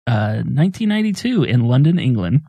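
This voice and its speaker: A man co-hosting a podcast, chatting casually with a relaxed, teasing manner. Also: medium pitch, a little fast, dry recording. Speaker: podcast co-host. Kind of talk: casual chat.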